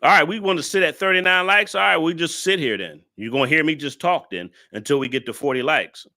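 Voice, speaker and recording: A man's voice: on the high side, fast, bright, forceful tone. A man hosting a reaction video, talking in blunt, profane, ranting commentary and scolding his viewers. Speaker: male content creator reacting to a video.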